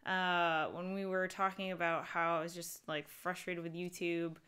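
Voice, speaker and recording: Young woman vlogger, slightly low voice, loose rambling live-stream chat. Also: level tone, normal speed, bright, forceful tone. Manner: chatty, rambling with fillers and restarts.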